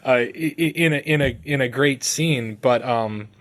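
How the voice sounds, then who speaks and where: A man co-hosting a podcast, talking in an animated way, full of fillers and restarts. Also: mid-range voice, moderate pace. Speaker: podcast co-host. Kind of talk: casual podcast chat.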